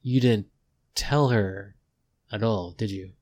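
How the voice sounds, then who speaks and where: A curious, courteous male head researcher , as a man puts him on in a tabletop game. He talks in a low voice with fussy, hesitant politeness and keeps apologizing. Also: takes it slowly, a little mellow. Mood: confiding.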